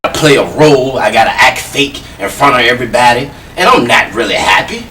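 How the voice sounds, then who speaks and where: Male actor as a weary, bitter thirties janitor; sharp tone, lively pitch. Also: brisk, recorded from a distance, a little hiss or hum, poor audio. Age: 30s. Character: fed-up man in his thirties cleaning toilets, bitter.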